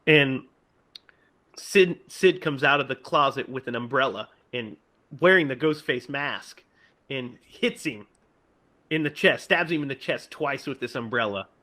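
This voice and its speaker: A man's voice: mid-range voice, animated, a little slow, pushed and bright. A man casually retelling a horror movie's ending, laughing and quoting its lines in exaggerated voices. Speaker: podcast co-host.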